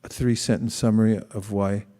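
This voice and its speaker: A man leading a scripture study class, reading a passage aloud and then asking thoughtful questions, often pausing to rephrase. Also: fairly low pitch, level tone, dark tone. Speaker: class leader.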